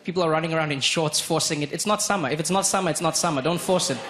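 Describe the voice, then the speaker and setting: A man from Africa, performing an animated stand-up comedy set on a club stage. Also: racing. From South Africa. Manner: animated, with sudden high-pitched jumps for emphasis. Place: comedy club stage before a live audience. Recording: noisy live club recording.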